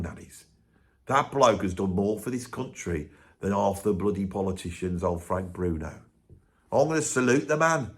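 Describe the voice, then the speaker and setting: A man voicing an opinionated older Birmingham bloke in his sixties, with a Birmingham accent, ranting in a comedic monologue full of swearing and stumbling restarts. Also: medium pitch. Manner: blustering rant, swears constantly, stumbles and restarts. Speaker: comedy character ranting to camera.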